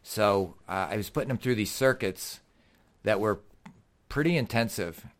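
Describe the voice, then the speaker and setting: A middle-aged man, a guest and athletic trainer, telling stories in an animated, earnest, folksy way. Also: lowish voice, moderate pace. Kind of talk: casual storytelling.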